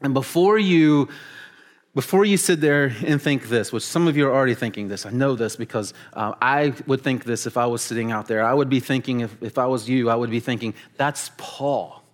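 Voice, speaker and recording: A man preaching a casual, animated sermon to teenagers, joking with them and acting out the stories he tells. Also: mid-range voice, a little fast. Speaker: youth pastor.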